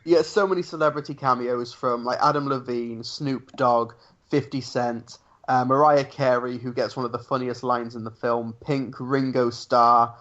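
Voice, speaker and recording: A man's voice: medium pitch, steady tone, moderate pace, fairly bright tone. Casual podcast guy from the UK, ums a lot, muffled lo-fi sound. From United Kingdom. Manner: rambling, hesitant with many ums. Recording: dull lo-fi audio.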